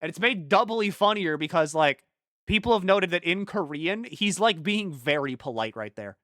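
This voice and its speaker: A young man chatting on a game stream, his voice sitting a little high for a man. He rambles, swears freely and gets excitable, breaking into goofy character impressions as he talks. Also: normal speed, dry recording, studio quality. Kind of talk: casual chat while gaming.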